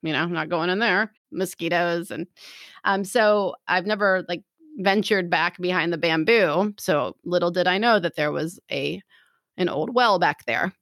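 A woman in casual chat, telling a story in an animated way and acting out what people said. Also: on the low side, moderate pace, dry recording, clean studio sound. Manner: animated storytelling, acts out quotes.

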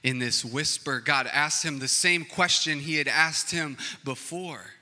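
A male pastor preaching a sermon, swinging from loud, rising passages to hushed near-whispers. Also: a little high, unhurried, hardly any pauses. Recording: reverberant hall with music behind.

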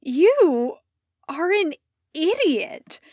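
A woman voicing a brash, loud young male ninja who shouts and teases in a storybook reading. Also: high voice, very animated, takes it slowly, dry recording, clean studio sound, voice pushed up, heavily acted. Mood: loud teasing. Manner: shouty, incredulous, teasing.

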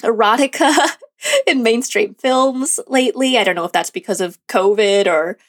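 A woman's voice: mid-range voice, lively intonation, normal speed. A woman co-hosting a movie podcast in casual, chatty talk, laughing often. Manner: giggly, chatty, frequent laughs. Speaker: podcast co-host.

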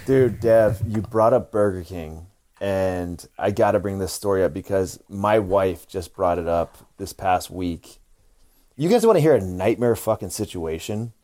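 A man's voice: deep voice, a little slow, warm tone. A married man co-hosting a podcast, telling a story in laid-back casual chat, with frequent swearing. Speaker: podcast co-host.

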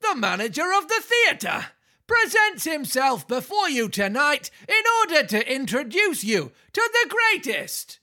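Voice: high voice, big pitch swings, measured pace, pitched above the performer's own voice, exaggerated voice. A narrator putting on a pompous ringmaster. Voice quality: loud, pompous, showman's announcing. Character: pompous male circus manager, loud and boastful.

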